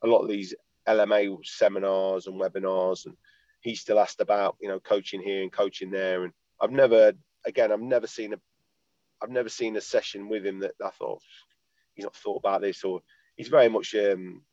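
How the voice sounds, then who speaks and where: A former footballer, guesting on a podcast from his parked car via video call, rambles, laughs and swears in casual chat. His voice is on the low side, steady, fairly quick and darkish, with no echo, though the call audio is dull and lo-fi.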